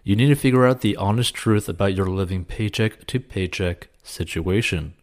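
A man's voice: lowish voice, moderate pace. A man answering a viewer's question with casual, earnest money advice, encouraging and peppered with "like" and "you know.". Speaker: personal finance advice host.

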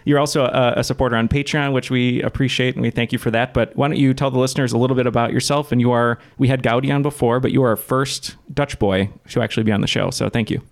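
A man's voice: mid-range voice, steady tone, fast talker, creaky, few pauses. Guy hosting a goofy trivia podcast, lots of uhs and ums, rambles on. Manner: rambling, full of uh and um, laughing at himself. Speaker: podcast host. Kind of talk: casual trivia podcast chat.

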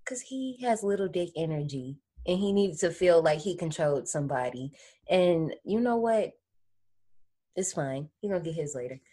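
A woman's voice: on the low side, expressive, normal speed, mellow. A woman hosting a podcast, recapping a horror movie in slangy, playful, teasing casual chat. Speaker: podcast host.

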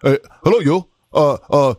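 A man imitating a shouting drill sergeant who threatens recruits in a loud, high voice. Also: moderate pace, dry recording, clean studio sound, natural voice. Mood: menacing. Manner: high, yelling, mocking imitation.

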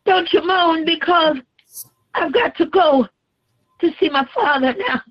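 A woman's voice: very high-pitched, a little slow. Woman preacher voicing anguished Jesus on the cross. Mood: pleading. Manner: pleading, anguished, crying out. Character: suffering Jesus, a man carrying the cross. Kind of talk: dramatic sermon portrayal. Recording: slightly dull lo-fi recording.

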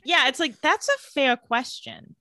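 A woman's voice: high voice, measured pace, no room sound, studio quality. A woman co-hosting a casual chat, retelling a TV episode and acting out the characters' lines with gusto. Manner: animated storyteller, acts out characters' lines.

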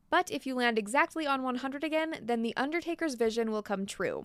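A woman's voice: on the high side, fairly bright tone, clear, resonant tone, no echo, studio quality. A woman hosting a podcast, telling spooky legends with chatty, playful asides. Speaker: podcast host. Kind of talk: storytelling podcast.

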